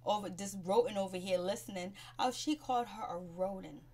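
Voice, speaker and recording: A woman's voice: medium pitch, brisk. Chatty slangy woman recapping a show. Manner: chatty, slangy, animated retelling.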